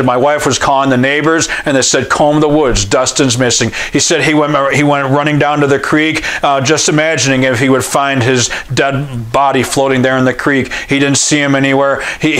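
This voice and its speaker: An American man preaching a sermon, telling a story and acting out the voices in it, calling out questions for the congregation to answer. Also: a little high. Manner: storytelling preacher who acts out quoted voices and rises to near-shouts. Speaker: pastor.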